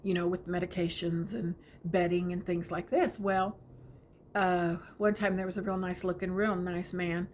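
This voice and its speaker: Soft-spoken woman telling a tender story. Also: lowish voice, steady tone, normal speed, slight background noise. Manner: tender, often drops to a whisper. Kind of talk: personal storytelling.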